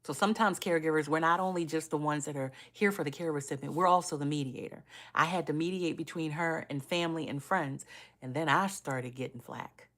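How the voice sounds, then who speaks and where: A woman's voice: sits low, a little fast, a bit bright. A middle-aged woman, a caregiver coach, talking earnestly and personally on a live stream, often checking in with "right?".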